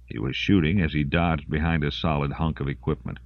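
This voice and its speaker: A man's voice: rumbling low, steady tone, fairly quick, hardly any pauses, dry recording, phone-quality sound. A man reading scripted audiobook narration in a dramatic storytelling manner.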